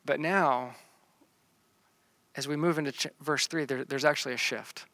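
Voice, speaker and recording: Bright-voiced man preaching on a psalm. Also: a little high, fairly even intonation, dry recording. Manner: reads scripture slowly, then explains with repeated words and restarts. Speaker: pastor. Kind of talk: sermon teaching through a psalm.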